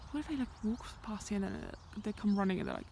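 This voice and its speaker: A young woman records a casual vlog outdoors on a rural hill, talking nervously to the camera at a quick pace and often whispering. Her pitch is medium, and the recording picks up a lot of outdoor noise.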